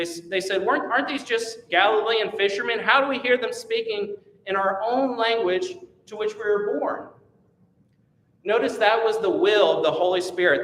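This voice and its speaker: A man with a slightly higher voice speaks as a missionary in a church class, earnest and emphatic. He is picked up from a distance, so his voice rings through a very reverberant hall with a long tail. A faint low rumble sits underneath. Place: church meeting room.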